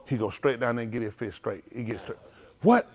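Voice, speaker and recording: A man, a pastor telling food stories to his livestream with laughter and excitement. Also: mid-range voice, a little fast, slightly rough. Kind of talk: casual livestream storytelling.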